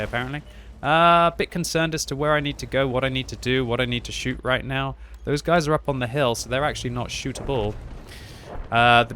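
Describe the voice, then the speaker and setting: Young gamer-commentator, excitable and self-mocking, faint noise floor. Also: male voice, medium pitch. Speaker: gaming commentator. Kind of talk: live gameplay commentary.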